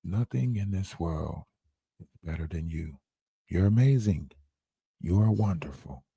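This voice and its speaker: Man doing a sultry bedtime crooner, very deep, hushed, slow and drawn out, dry close sound. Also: animated, creaky, husky, no echo, full character voice. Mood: soothing.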